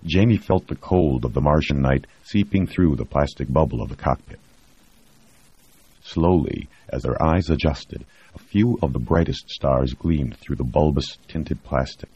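A man reading a novel aloud in a steady, measured scripted narration. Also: rumbling low, slightly rough, no echo. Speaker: audiobook narrator. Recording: dry, dull lo-fi recording.

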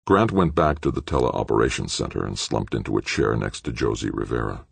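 Gravelly deep-voiced man narrating. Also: fairly quick, no echo. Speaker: audiobook narrator. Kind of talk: scripted narration.

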